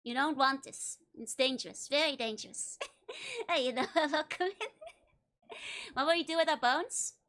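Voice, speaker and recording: Giggly high-voiced Dutch woman streamer. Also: normal speed, pauses often, fairly bright tone. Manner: giggly, playful, laughs often between lines. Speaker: virtual streamer. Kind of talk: casual livestream chat with viewers.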